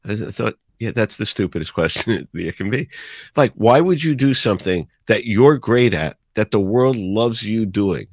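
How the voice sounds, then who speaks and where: A man's voice: lowish voice, moderate pace, no room sound, clean studio sound. A man in his sixties with a New York accent, telling stories in a casual chat and acting out the people he quotes. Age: 60s. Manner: animated storyteller, acts out quotes. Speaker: radio DJ guest. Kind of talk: casual storytelling.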